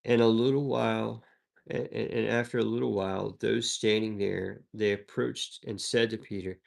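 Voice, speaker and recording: Speaking at a moderate pace in a fairly low, creaky voice with fairly even intonation, a man from the American South reads verses aloud and explains them. He teaches in an easygoing, conversational style with asides, offering devotional Bible reading and commentary.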